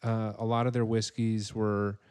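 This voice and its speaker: A man's voice: on the low side, level tone, normal speed, darkish tone, a little hiss or hum. A man hosting a casual podcast chat, rambling and full of fillers. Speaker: podcast host.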